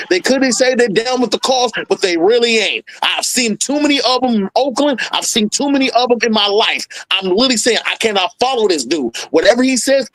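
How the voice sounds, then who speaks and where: A man on a podcast speaking bluntly and skeptically, heated and quick. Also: high-pitched, a bit bright, no room sound, poor audio. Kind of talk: casual discussion.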